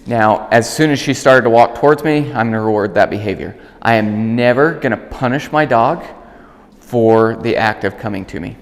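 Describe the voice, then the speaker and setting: A man working as a dog trainer, calmly explaining an outdoor training demonstration and breaking off to call and praise the dog. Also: moderate pace, big-room sound. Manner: calm explaining, bursts of high praise calls to the dog.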